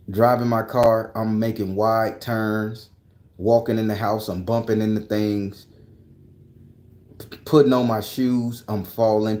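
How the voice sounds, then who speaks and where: A man vlogging outdoors in a park, telling an excitable, profane, rambling story full of restarts. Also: lowish voice, echoey room. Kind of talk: animated personal storytelling.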